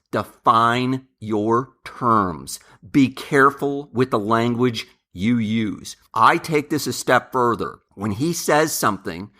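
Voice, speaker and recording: A man's voice: medium pitch, sharp tone. Emphatic older man giving advice. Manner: emphatic, addresses listeners as "men", uses lists. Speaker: channel host. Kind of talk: advice monologue to camera.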